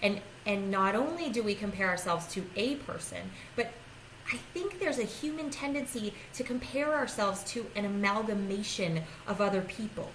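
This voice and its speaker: Woman, personal growth coach vlogging: casual, self-deprecating, quick to laugh, faint background hum. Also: medium pitch, expressive, fairly bright tone, rough recording. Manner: chatty and self-deprecating, laughing often, with frequent restarts. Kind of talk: casual talking-to-camera vlog.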